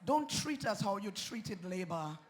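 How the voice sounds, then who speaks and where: A man giving a fiery campaign speech at an outdoor rally, rousing and shouting slogans into a stage microphone. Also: high-pitched, very animated, unhurried, slight background noise. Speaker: political rally speaker.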